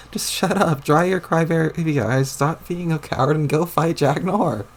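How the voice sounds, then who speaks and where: A man's voice: medium pitch, lively intonation, fairly quick, darkish tone. A man reading a webcomic aloud, putting on the voice of a bossy, exasperated young girl who scolds and swears. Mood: scolding.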